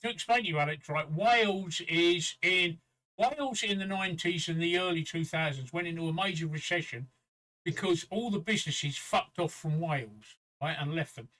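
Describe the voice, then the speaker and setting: A man's voice: on the high side, moderate pace, bright, forceful tone, rough recording. An older man from England, co-hosting a casual livestream chat and telling a story in a chatty, profane way. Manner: chatty storyteller, swears freely, acts out quoted voices. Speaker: livestream co-host.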